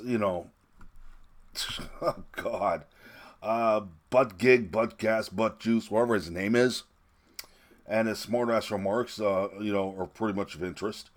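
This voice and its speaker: Ranting man, lowish voice. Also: moderate pace. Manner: ranting, mocking, profane, with bursts of laughter. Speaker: political vlogger. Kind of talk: solo opinion rant.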